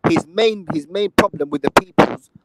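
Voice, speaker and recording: Measured man calming a heated debate. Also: high voice, creaky, noisy background. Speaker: panel guest. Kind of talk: heated online panel debate.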